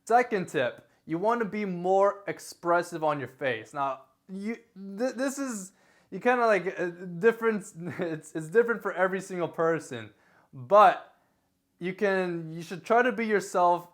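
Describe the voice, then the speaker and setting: In a casual talking-head vlog filmed in a room indoors, a young man offers tips to the camera facing him. His voice sits high and he's unhurried, rambling and self-correcting, with a lively delivery whose volume goes up and down as he gestures.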